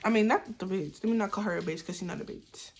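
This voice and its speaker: A woman's voice: medium pitch, quick pace, roomy sound. Blunt, profane young woman ranting. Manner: blunt, profane, retelling texts in a heated voice. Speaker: YouTuber telling a story. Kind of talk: casual storytime vlog.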